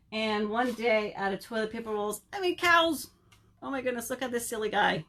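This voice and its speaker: A woman working as a children's librarian, reading a picture book aloud in an animated, sing-song way and asking the children questions, recorded at home. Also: mid-range voice, a little hiss or hum. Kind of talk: storytime read-aloud for children.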